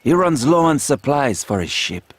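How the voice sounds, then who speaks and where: An actor playing a proud, flattering gunsmith with a French accent, in a video game. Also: male voice, medium pitch, normal speed, no room sound. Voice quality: fawning, theatrical salesman manner.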